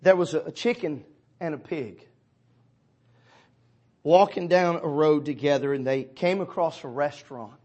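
A man pastor preaching a sermon, swelling loud and dropping low, calling on congregation members by name. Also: measured pace, pauses often, lo-fi sound.

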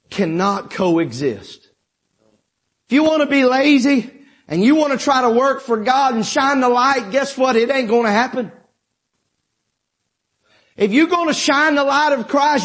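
A male preacher with a South Georgia accent delivering a sermon, swinging from shouted exhortation to low asides. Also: slightly rough. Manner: emphatic, rising to shouts then dropping low.

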